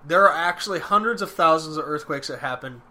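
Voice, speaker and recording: A man's voice: fairly high pitch, animated, fast talker, pushed and bright. A young man co-hosting a podcast in casual chat, wry, correcting and explaining facts. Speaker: podcast co-host.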